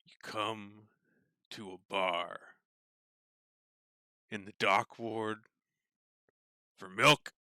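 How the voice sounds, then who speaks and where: A man voicing a large, burly, shirtless human barkeep with a gruff manner and a booming laugh in a tabletop game. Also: fairly even intonation, very slow, pauses often, bright, forceful tone, no echo, clean studio sound, heavily acted. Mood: suspicious.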